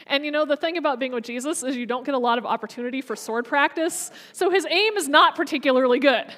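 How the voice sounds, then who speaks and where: A woman's voice: high voice, fast talker, fairly bright tone. A young adult woman preacher who retells a story in a chatty, conversational sermon. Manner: chatty, conversational, frequent restarts.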